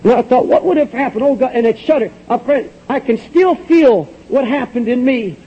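A man preaching a sermon, fervently retelling a story with quoted dialogue, swinging from hushed low passages to high, urgent ones. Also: moderate pace, breathy edge. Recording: dull lo-fi old recording.

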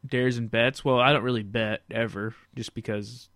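A man's voice: medium pitch, fairly even intonation, moderate pace, a bit bright, no room sound. A man co-hosting a casual online show in a laid-back, teasing way. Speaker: co-host. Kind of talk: casual chat.

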